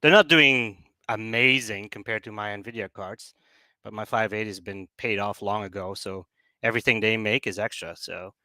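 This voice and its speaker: This guest, a project business developer, talks casually over a remote call, explaining things with plenty of fillers and restarts. He has a fairly low voice, speaks at a normal speed, and sounds pushed and bright, with no room sound.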